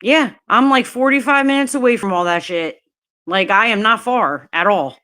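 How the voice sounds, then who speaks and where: Fairly high in pitch with a bright, forceful tone, this New Jersey woman speaks at a moderate pace. On her casual livestream she rants in anger, cursing and repeating herself again and again.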